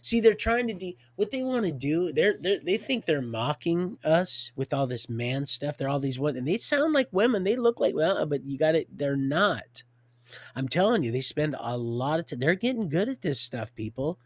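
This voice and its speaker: A man hosting a livestream, rambling through a religious monologue, swinging from hushed to loud and laughing often. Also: on the high side, lively intonation, normal speed, no room sound. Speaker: livestream host.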